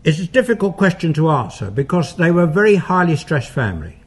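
An older male investigator speaks to an audience in a slightly raised register, his voice husky and a little rough at the edges. He tells his story at an easy pace and takes questions afterwards. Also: a little high, big pitch swings. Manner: anecdotal, unhurried storyteller who acts out quoted dialogue. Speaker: paranormal investigator giving a talk.

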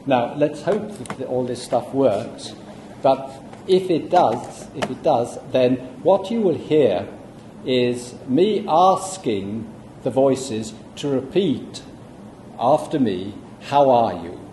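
A man giving a public lecture, explaining at a measured pace with asides to the audience. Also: medium pitch, lively intonation, dark tone, a little hiss or hum. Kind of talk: public lecture with audio playback. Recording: echoey room, faint ambience.

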